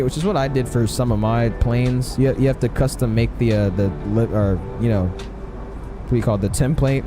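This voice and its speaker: Man, casual game streamer, rambling and chatty, mid-pitched voice, music playing behind. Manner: chatty, answers chat, many fillers. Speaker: flight sim live streamer. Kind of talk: casual live-stream chat.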